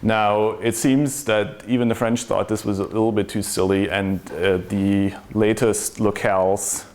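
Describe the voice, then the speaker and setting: A man's voice: lowish voice, steady tone, unhurried, darkish tone. A man giving a technical conference talk to a room, explaining step by step and asking rhetorical questions. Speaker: conference speaker.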